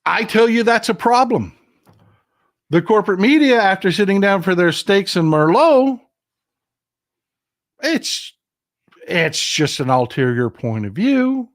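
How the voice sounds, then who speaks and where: A middle-aged man from Texas hosts a casual political livestream, speaking in a somewhat high voice. He is impassioned and emphatic, addressing his audience directly. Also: sing-song, normal speed. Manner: impassioned, emphatic, talks straight to viewers. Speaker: political commentary livestream host.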